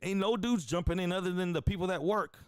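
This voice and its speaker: A man hosting a casual streamed show, talking excitably and crudely straight to his viewers. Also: high voice, quick pace, clean tone, no room sound, clean studio sound. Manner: excitable, profane, addresses viewers directly. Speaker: stream host.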